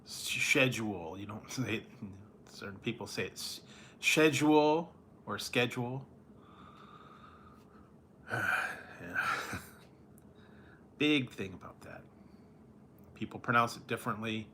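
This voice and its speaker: A tired man chatting on a late-night stream, drawing out his words at an unhurried pace with a bright, forward tone. He rambles and chuckles between thoughts. A faint hum of background ambience sits under his voice. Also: lowish voice. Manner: rambling, chuckling often, drawn-out slow delivery. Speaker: food reviewer chatting with live viewers. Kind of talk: casual late-night livestream chat.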